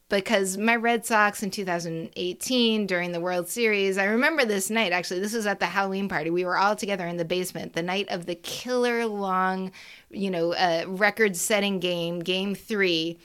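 A woman co-hosting a casual sports podcast, telling stories in a chatty, animated way. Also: medium pitch, moderate pace, clean tone. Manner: chatty, animated storytelling with frequent "like" and laughs. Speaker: podcast co-host.

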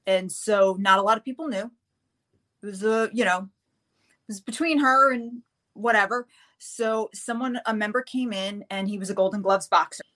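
A woman author, a guest on an interview show, telling a story with energy and acting out the voices of the people in it. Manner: lively, acts out the people in her story with big pitch jumps.

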